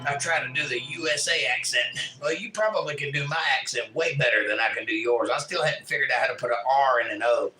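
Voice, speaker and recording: A man's voice: mid-range voice, fast, few pauses, music in the background. Punning man reading chat, echoey room. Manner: jokey, reads chat messages aloud with puns. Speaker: livestream host reading chat. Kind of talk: casual chat. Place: home.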